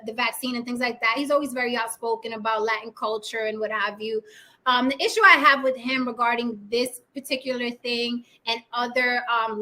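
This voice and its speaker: High, bright-voiced blunt woman vlogger. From Puerto Rico. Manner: blunt, swears freely, asks the audience "right?" often. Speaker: vlog host and actress. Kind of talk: casual opinion monologue to camera.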